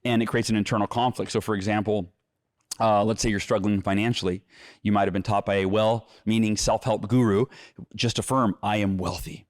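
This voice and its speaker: A middle-aged man, an author guest in an interview, explaining his method with lively energy and often acting out quoted inner voices. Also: lowish voice, a little fast, no room sound, clean studio sound. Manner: repeats words when restarting. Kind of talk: conversational interview, teaching.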